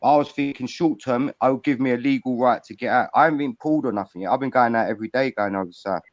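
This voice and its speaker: A man's voice: medium pitch, fast talker, no echo, muffled recording. A man chatting on a livestream panel, blunt and swearing freely as he talks in bursts. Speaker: panel guest. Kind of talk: casual livestream chat. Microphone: video call.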